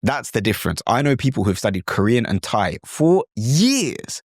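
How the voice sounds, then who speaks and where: On his instructional podcast, a British host talks with lively, demonstrative energy, now and then putting on imitated accents. The studio sound is clean and dry, and he speaks at a measured pace in a mid-range voice.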